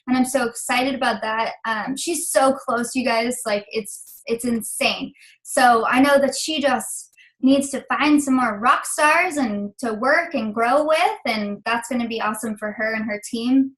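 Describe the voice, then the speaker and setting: A woman's voice: on the high side, measured pace, fairly bright tone, rough recording. A young woman leading a team call, emotional and close to tears, rambling with many fillers as she encourages her team. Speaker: team leader. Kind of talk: team call pep talk.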